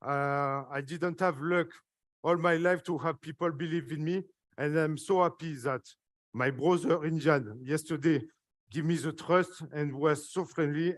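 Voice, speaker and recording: French-accented man, fairly high voice, halting emotional stage pitch, very dry sound. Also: no echo. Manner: halting, earnest, emotional, with frequent fillers. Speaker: guest speaker presenting a project. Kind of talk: live stage speech.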